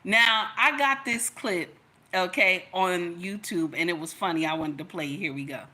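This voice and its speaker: A woman's voice: lowish voice, normal speed, sharp tone. A woman from Nigeria hosting a casual commentary livestream, chatty and preachy, talking straight to her viewers. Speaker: commentary channel host.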